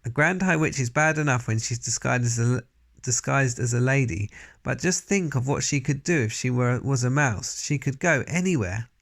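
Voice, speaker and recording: A man voicing a bold, excitable elderly grandmother in a storybook read-aloud, exclaiming emphatically. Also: medium pitch, moderate pace. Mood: excited.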